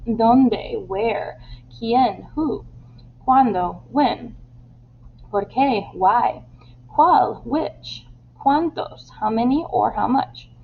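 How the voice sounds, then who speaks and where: Woman teacher with gravelly voice. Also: a little high, drawn-out words, narrow, tinny audio, a little hiss or hum. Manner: explains step by step, with many "um" fillers and Spanish examples. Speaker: Spanish teacher. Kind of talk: recorded online class instructions.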